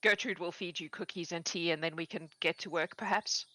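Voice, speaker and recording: A woman voicing a taciturn old farmer who answers slowly and drily. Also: lowish voice, bright, forceful tone, pitched below the performer's own voice, poor audio. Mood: dry. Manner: slow, dry, weary.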